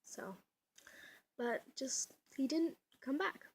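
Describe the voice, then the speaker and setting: A woman's voice: sits high, lively intonation, slow. A young woman vlogging at home, chatty and giggly, rambling with lots of fillers, her voice a little off. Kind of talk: casual home vlog. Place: at home indoors. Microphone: camera mic.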